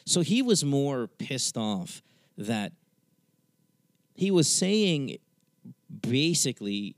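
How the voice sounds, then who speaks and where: A man's voice: medium pitch, drawn-out words, pauses often, dry recording, clean studio sound. A man in his thirties from the Philippines, a podcast host telling a candid personal story, swearing and acting out the people in it. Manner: candid, swearing, animated retelling with quoted voices. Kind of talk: casual storytelling.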